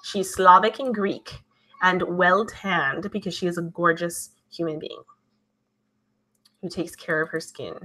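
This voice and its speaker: Speaking a little slowly in a lowish, steady voice that sounds pushed and bright, a woman runs a casual live stream. She reads out comments from her chat and responds conversationally.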